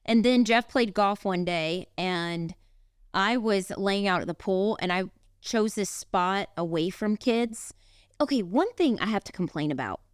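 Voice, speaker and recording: A woman co-hosting a podcast, telling stories in a chatty, quick way with asides. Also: mid-range voice, animated, clean tone, no room sound, studio quality. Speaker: podcast co-host. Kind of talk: casual chat.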